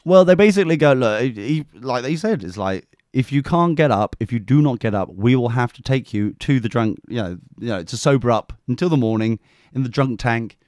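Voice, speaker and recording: A man co-hosting a podcast talks fairly quickly in a medium-pitched voice, sharing a rowdy story as part of relaxed chat. He swears freely, stays animated, and acts out quotes in camp voices. The recording is dry, with clean studio sound.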